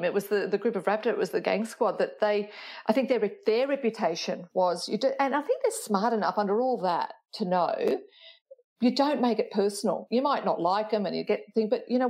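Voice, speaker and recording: A woman's voice: mid-range voice, darkish tone. A woman, a retired police officer, telling anecdotes in a chatty interview, laughing often and restarting sentences. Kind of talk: storytelling interview chat.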